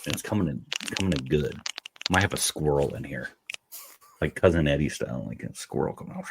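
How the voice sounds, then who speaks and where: Low-pitched man, podcast co-host, motivational, repeats for punch. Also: animated, fairly quick, creaky, a little hiss or hum. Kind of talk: casual podcast chat.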